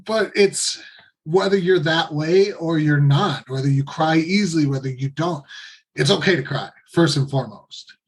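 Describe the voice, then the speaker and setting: Blunt husky-voiced man, fairly high pitch. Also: moderate pace. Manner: blunt, swears freely, earnest. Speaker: podcast guest. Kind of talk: candid podcast conversation.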